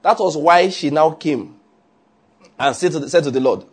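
A man's voice: a little high, moderate pace, a little mellow, slightly rough. A man preaching a conversational sermon, often checking that listeners follow.

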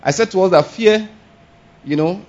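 A man preaching a sermon, animated and often laughing, firing rhetorical questions and shouting exclamations. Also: sits high, moderate pace. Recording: dull lo-fi sound.

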